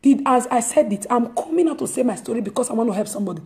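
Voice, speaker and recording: A woman preaches straight to her listeners in a fairly high, warm voice. She is emphatic and exhortative, often circling back and repeating her phrases. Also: expressive, very fast. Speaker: host. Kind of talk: impassioned preaching monologue.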